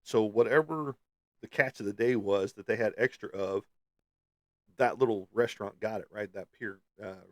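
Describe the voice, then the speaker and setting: A man's voice: on the low side, normal speed, no echo, clean studio sound. A middle-aged man from the United States chatting casually as a podcast host, rambling with many ums and uhs. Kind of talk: casual chat.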